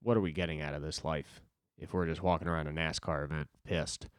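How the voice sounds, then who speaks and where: A man's voice: rumbling low, steady tone, brisk, clear, resonant tone, no room sound, studio quality. A young man hosting a solo podcast, rambling casually with lots of swearing and self-deprecating asides.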